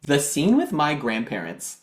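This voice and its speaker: A Canadian man in his thirties, guesting on a podcast, talking in an animated way and laughing often. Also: a little high, unhurried, echoey room. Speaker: guest actor. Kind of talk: casual interview chat.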